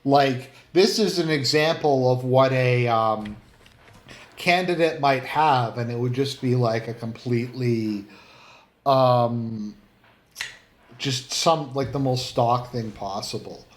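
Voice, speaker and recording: A man rambles through casual online commentary, blunt and full of fillers, with the odd swear word. His voice sits at a middle pitch. The recording has a noticeable room echo. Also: takes it slowly. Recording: roomy, echoey room.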